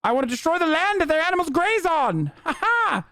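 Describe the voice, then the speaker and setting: A man voicing a cartoonish, monocled male villain who is gleefully evil, in a high, theatrical voice with a transatlantic accent. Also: big pitch swings, fairly quick, bright, forceful tone, no room sound, full character voice. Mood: gloating.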